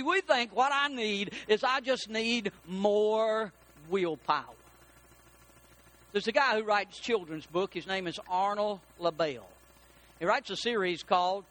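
A man preaching a sermon as pastor, telling a story with lively character voices. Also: sits high.

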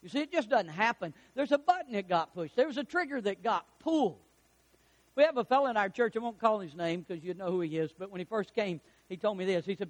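High-voiced preacher man, storytelling. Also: expressive, fast talker. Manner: storytelling preacher, acts out quotes, chuckles at own jokes. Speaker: pastor. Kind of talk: sermon.

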